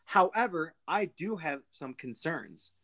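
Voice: medium pitch, sing-song, measured pace, fairly bright tone, heavily acted. Entitled, boastful wrestler, read by a narrator. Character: arrogant, self-important male pro wrestler.

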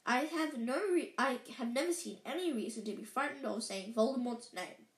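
A woman voicing a gentle, calm old wizard headmaster in a storybook reading. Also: fairly high pitch, lightly acted. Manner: gentle, unhurried. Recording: roomy echo.

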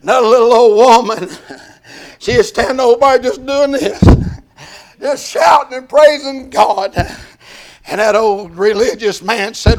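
Older preacher, gravelly, high-pitched, slow, sing-song old-time sermon delivery. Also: male voice. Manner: sing-song, swings from hushed to shouting.

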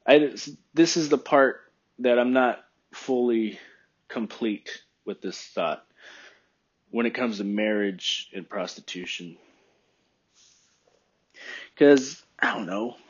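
A man in a casual monologue, thinking out loud at an unhurried pace and often stopping to question what he just said. His voice sits in an ordinary middle range. The recording is dull and lo-fi. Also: medium pitch, slightly rough. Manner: rambling, thinking aloud, self-questioning.

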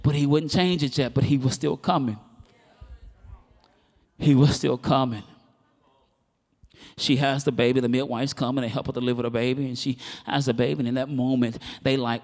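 A man's voice: medium pitch, normal speed, long pauses, big-room sound. Impassioned male preacher in a ringing church. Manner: animated storytelling, building to impassioned preaching. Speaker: pastor. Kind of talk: sermon.

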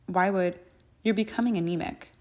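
A stubborn, bookish young witch voiced by a woman reader speaks earnestly and insistently in a fan fiction audiobook. The voice sits slightly low and stays caring but firm. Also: moderate pace, a little mellow, lightly acted.

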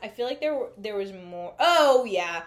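A woman's voice: mid-range voice, expressive, normal speed. A young adult woman co-hosting a podcast, telling stories in casual chat with lots of laughter and swearing. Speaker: podcast co-host.

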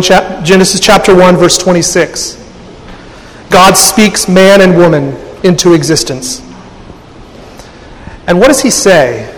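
A man preaching a sermon in a thoughtful way, often restarting and repeating words as he works through an idea. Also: sits high. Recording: long hall reverb.

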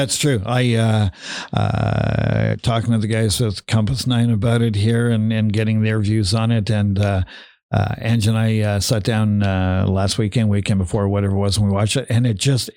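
A man's voice: lowish voice, normal speed, a little mellow, no room sound. Male podcast host, casual chat, swears a lot, dry close sound. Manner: swears freely, laughs often.

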